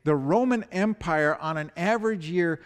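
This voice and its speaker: A man's voice: a little high, moderate pace. A man preaching a sermon as pastor, telling a story with restarts and rising emphasis. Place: church. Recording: echoey church hall.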